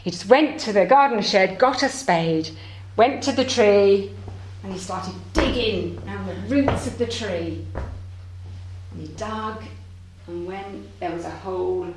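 A woman minister giving a sermon as a lively storyteller, acting out the characters as she goes. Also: medium pitch, measured pace, roomy sound, a little hiss or hum.

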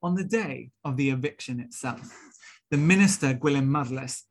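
A man's voice: mid-range voice, normal speed. A young Welsh man, a minister-elect, delivering a sermon-style talk with earnest, rhetorical storytelling. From Wales.

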